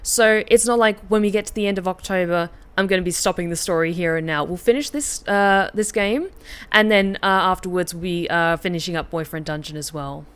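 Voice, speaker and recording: Chatty woman streamer with a lowish voice. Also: fairly quick, smooth. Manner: chatty, excitable, many fillers and asides. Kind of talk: reading a story game aloud on stream.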